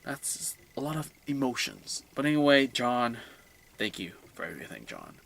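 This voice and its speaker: A young man rambles excitably through a casual solo comic book review, often trailing off quietly. His voice is gravelly and medium in pitch, at a normal speed.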